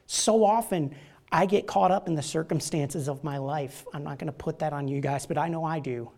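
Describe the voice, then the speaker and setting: With a fairly high, slightly mellow voice at a moderate pace, a man gives a relaxed, conversational sermon in church. He cracks jokes and often asks the congregation "right?"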